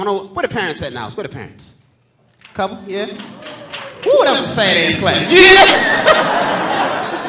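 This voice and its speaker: On a theater stage, a man in his thirties performs live stand-up, telling loud, profane stories about his kids and acting them out in squeaky shouts. Live audience laughter can be heard.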